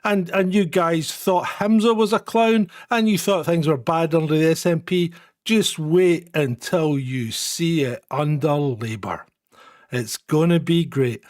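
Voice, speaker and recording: A man's voice: fairly high pitch, a little mellow, no room sound, studio quality, lightly acted. A Scottish man playing a pompous politician who gloats about becoming a dictator, in a sneering mock-menacing New Year speech. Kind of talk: satirical parody speech.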